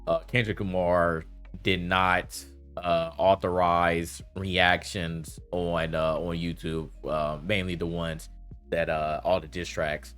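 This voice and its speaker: A man's voice: low-pitched, little pitch movement, takes it slowly, a bit bright, smooth, faint music behind. A man giving a casual, slangy commentary rant, laughing often and talking loosely with lots of fillers. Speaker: commentary vlogger.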